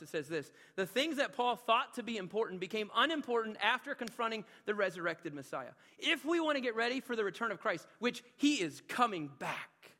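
A man preaching a sermon as pastor, passionate and conversational, dropping to hushed asides and climbing to loud emphatic peaks. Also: high voice. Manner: conversational, with frequent filler asides. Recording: long reverb of a large hall.

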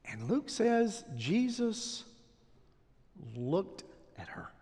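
A pastor preaching a sermon, swinging from loud declarations to hushed whispers. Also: male voice, high voice, sing-song, very slow. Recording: long hall reverb.

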